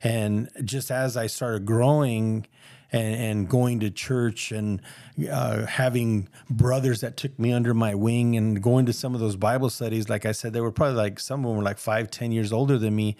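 A man's voice: medium pitch, fairly even intonation, moderate pace, a little mellow, no room sound, studio quality. Earnest man telling his faith story. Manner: earnest, rambling, acts out quoted voices. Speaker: guest sharing his testimony. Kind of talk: casual personal storytelling.

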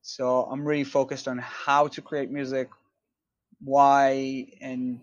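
A man's voice: medium pitch, flat delivery, takes it slowly, dry recording, lo-fi sound. A man from Israel, a composer guest in a casual interview, explaining his work thoughtfully with many fillers and restarts.

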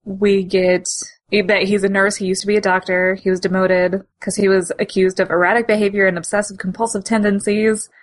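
A woman's voice: medium pitch, level tone, fairly quick. A woman co-hosting a podcast, chatting casually about comics, laughing often and restarting her sentences. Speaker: podcast co-host.

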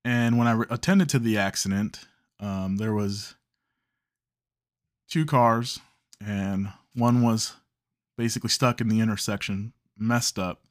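A man's voice: fairly low pitch, unhurried, pauses often, no room sound, clean studio sound. A man from Chicago, hosting a podcast, telling a long story in a loose, rambling way, correcting himself and swearing casually. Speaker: podcast host.

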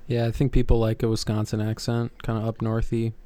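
A man's voice: lowish voice, monotone, brisk, mellow. A man chatting casually as a podcast co-host, often chiming in with short affirmations. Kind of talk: casual chat.

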